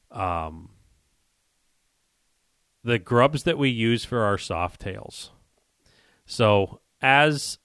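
A man's voice: lowish voice, a bit bright, clear, resonant tone, no room sound, clean studio sound. A man hosting a casual podcast, telling a rambling story and acting out what other people said. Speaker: podcast host and lure maker.

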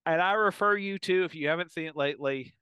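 Brief: man with a smooth, slightly high voice, emphatic. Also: quick pace, sharp tone, dry recording. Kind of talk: casual chat.

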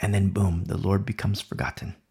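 A man's voice: deep voice, little pitch movement, fairly quick, a little mellow, breathy edge. A man preaching a Bible sermon, emphatic and repeating key phrases for emphasis.

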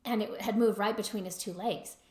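A woman's voice: mid-range voice, steady tone, brisk, a little mellow, roomy sound. A woman telling a personal story in a reflective talk about trauma and choice, conversational and full of fillers. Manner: conversational, many fillers, mimics her husband in quotes.

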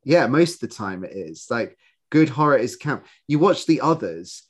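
A man's voice: medium pitch, normal speed, slightly rough. Chatty man co-hosting a podcast. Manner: animated, rambling with many restarts and fillers. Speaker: podcast co-host. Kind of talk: casual chat.

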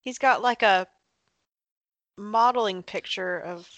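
A woman co-hosts a casual movie watch-along podcast. She gives teasing running commentary in a bright, forceful voice, recorded dry and close. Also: mid-range voice, slow pace, dry recording, highs cut off. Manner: teasing, narrates on-screen action, laughs often. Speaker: podcast co-host.

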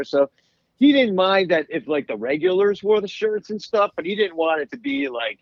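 A man's voice: high voice, lively intonation, normal speed, dry recording, dull audio. A man guesting as a musician, chatting casually in an interview and rambling through stories with lots of restarts. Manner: rambling, many restarts and laughs.

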